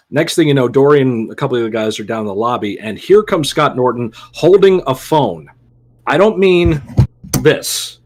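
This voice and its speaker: A man's voice: mid-range voice, animated, normal speed, darkish tone, slight background noise. A man with a mid-range voice tells a story on a casual podcast. He sounds laid-back and amused, acting out the lines of the people in it. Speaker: podcast co-host.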